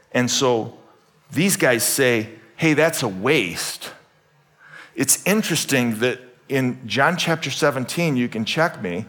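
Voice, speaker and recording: A man preaching a sermon to a congregation, jokey and animated, swinging from loud emphatic bursts to soft asides. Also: medium pitch. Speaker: pastor. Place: church hall with congregation.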